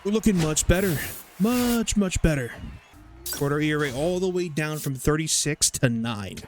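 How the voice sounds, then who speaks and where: Chatty, profane young gamer, slightly high voice. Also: male voice, moderate pace, faint music behind. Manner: chatty, rambling, profane, excitable. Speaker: gaming YouTuber. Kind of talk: casual let's-play commentary.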